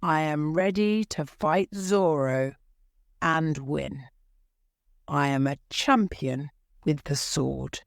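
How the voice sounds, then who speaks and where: A woman's voice: low voice, takes it slowly, vocal fry, no room sound, studio quality, exaggerated voice. A woman voicing a boastful, greedy male army sergeant in a storybook reading. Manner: boastful, bold.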